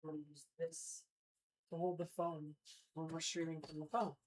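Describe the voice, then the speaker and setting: A woman's voice: low voice, level tone, normal speed, a little hiss or hum. Young woman streamer, loose and rambling, lots of ums, chatting with viewers at home. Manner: chatty, rambling, many fillers, talks to chat while working. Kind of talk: casual live-stream chat.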